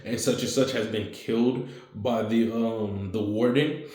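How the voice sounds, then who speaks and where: A man casually retelling a fan story in a rambling way, full of fillers and quick voices for the characters. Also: fairly low pitch, steady tone, a little mellow, heavy reverb.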